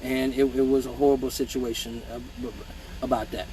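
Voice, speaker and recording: A man telling profane childhood stories in a casual live stream, animated and mimicking voices, with hiccups. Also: medium pitch, brisk, a little hiss or hum, low-quality recording. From Michigan. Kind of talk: casual storytelling.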